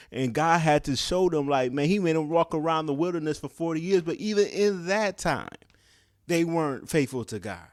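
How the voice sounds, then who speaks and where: A man's voice: a little high, expressive, moderate pace, no room sound, studio quality. A young man giving a passionate, preachy opinion commentary, often asking "guess what?" to drive his point home. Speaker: commentary vlogger.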